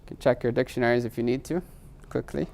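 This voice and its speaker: A male teacher lecturing a class on grammar, quizzing the students often and slowing down to spell out foreign terms. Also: medium pitch, fairly even intonation, gravelly, a little mellow. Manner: quizzes students with frequent rhetorical "right?"; slows to spell out Arabic terms.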